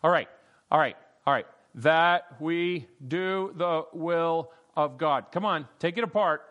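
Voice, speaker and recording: A middle-aged man teaches a Bible study class in a loose, playful way, calling on students one by one. His voice sits a little high for a man, and he fills his pauses with ums and uhs. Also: a bit bright, highs cut off. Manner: playful, calls on students by name, many fillers.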